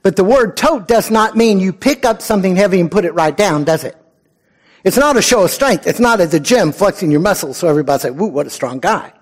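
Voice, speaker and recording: A male pastor preaching a sermon in an earnest, conversational way, with prayerful pauses and moments where he drops to a soft voice. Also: sits high, animated.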